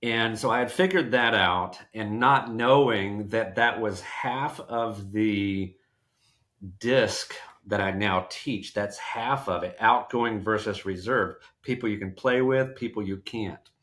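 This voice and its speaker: A man's voice: lowish voice, slow. A middle-aged man from Georgia, telling folksy stories as a podcast guest and often restarting his phrases. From Georgia, USA. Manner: folksy, animated storyteller who acts out quotes and restarts phrases. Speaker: podcast guest, sales trainer. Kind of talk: casual storytelling interview.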